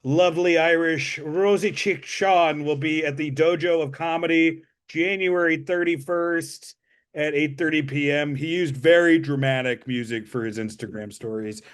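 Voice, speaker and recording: A man hosting a podcast, rambling through show plugs in a self-deprecating way with halting fillers. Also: on the high side, clear, resonant tone. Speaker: podcast host.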